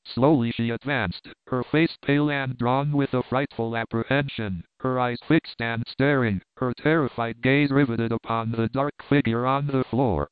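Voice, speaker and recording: A man narrates a classic story in a steady, clear way. His voice is smooth and resonant, but the recording is dry and thin like a phone line. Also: mid-range voice, normal speed, hardly any pauses, dry recording. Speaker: audiobook reader. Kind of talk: scripted narration. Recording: dry tinny phone-like sound.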